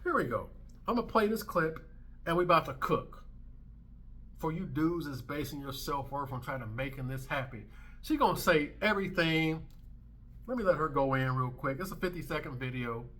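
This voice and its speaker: Guy in his 30s ranting hard on his channel, bright forceful voice, kinda high. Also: expressive, normal speed. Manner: brash, emphatic, swearing freely. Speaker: commentary channel host. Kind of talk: ranting commentary vlog.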